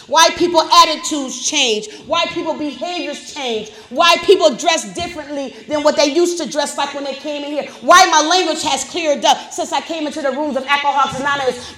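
A woman giving a personal recovery testimony at a meeting. She talks in an animated, informal way and swings from loud emphasis to quiet reflection. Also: sits high. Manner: animated storyteller, loud and soft by turns; informal, colloquial grammar.

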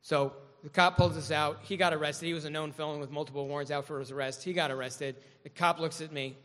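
A man's voice: a little high, fairly even intonation, fast, sharp tone. Candid man telling his story in an echoey hall. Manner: candid, self-mocking storytelling. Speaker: speaker sharing his recovery story. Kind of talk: personal recovery testimony to a meeting.

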